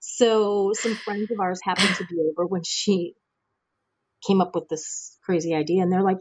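A middle-aged woman from the American Midwest tells her own story frankly in an interview. Her voice sits a little low, and she slips into livelier voices to quote people. The recording is dry and close, with no room sound. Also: steady tone, moderate pace, breathy edge, no echo, low-quality recording. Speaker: interview guest. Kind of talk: candid personal storytelling.

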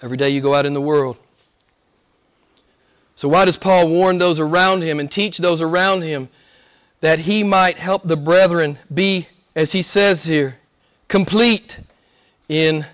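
Brief: male pastor, high voice, impassioned sermon delivery, drops soft then builds loud, repeats phrases for emphasis.

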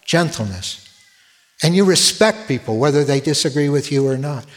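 A man's voice: on the high side, animated, normal speed. Earnest male pastor preaching in a reverberant hall. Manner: earnest, repeats words when starting a phrase. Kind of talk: sermon.

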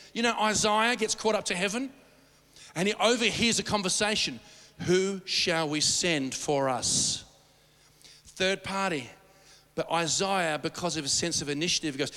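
A man's voice: sits high, animated, moderate pace, pushed and bright. A man preaching a sermon emphatically, often repeating words as he searches for the next phrase. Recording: long hall reverb.

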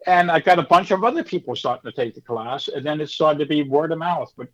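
Chatty middle-aged comedy teacher, lo-fi. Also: male voice, a little high, lively intonation, fast, a bit bright. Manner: chatty, rambling, self-assured. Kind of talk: casual interview storytelling.

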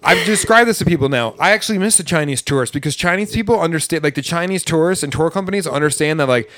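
A man's voice: a little high, animated, fast talker, a bit bright, no echo, clean studio sound. A man who hosts a podcast and works as a server, chatting casually in a blunt, profane, ranting way. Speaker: podcast host and restaurant server. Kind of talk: casual chat.

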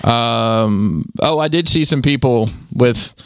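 A man's voice: medium pitch, slow pace, a bit bright, clean tone, no echo, clean studio sound. Man rambling in casual chat. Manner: rambling, many fillers.

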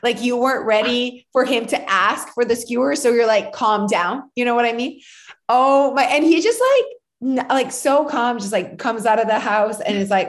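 Animated woman telling stories. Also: on the high side, moderate pace. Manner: animated storyteller, acts out quotes, laughs often. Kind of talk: casual chat.

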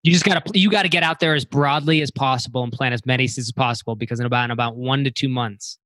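A man hosting an interview, chatty and quick, agreeing with his guest. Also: mid-range voice, steady tone, pushed and bright, no room sound. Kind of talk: casual interview talk.

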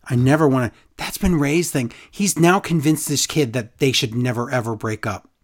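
This podcast host recaps a wrestling show in a casual, chatty way, sarcastic and animated, putting on other voices to act out quotes. His voice is mid-range and he talks at a normal speed.

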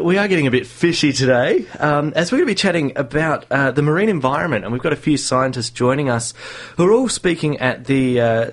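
Chatty radio host, man. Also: medium pitch. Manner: chatty, laughs often, many fillers. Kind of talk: casual radio chat.

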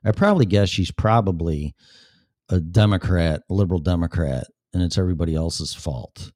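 Blunt, sarcastic man with a low voice. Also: normal speed, dark tone, dry recording, clean studio sound. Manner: blunt, sarcastic, swears freely. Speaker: talk show host. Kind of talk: casual solo show, reading chat aloud.

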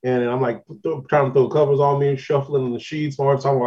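A man's voice: medium pitch, fairly even intonation, fast, a little mellow, dull audio. A man co-hosting a podcast, telling a long story in casual slang, still getting over an illness. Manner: laid-back storytelling with slang. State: recovering from illness, lingering symptoms. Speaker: podcast co-host.

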